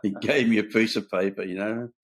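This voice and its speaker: An older Australian man hosts a candid conversation, sharing his own recovery story in an earnest, blunt manner and quoting dialogue as he tells it. His voice is lowish and steady, and he talks fairly quickly.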